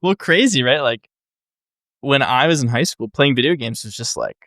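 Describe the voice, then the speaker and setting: A man hosting a casual interview podcast, talking in a relaxed, rambling way and repeating words as he thinks. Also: mid-range voice, moderate pace, no room sound, studio quality. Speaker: podcast host.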